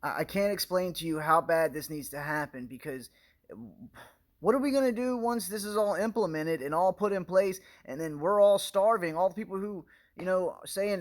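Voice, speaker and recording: A man's voice: high voice, moderate pace. A man talking to his viewers in an impassioned direct-to-camera rant, pleading with them, repeating himself and stumbling over his words. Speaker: video blogger addressing viewers.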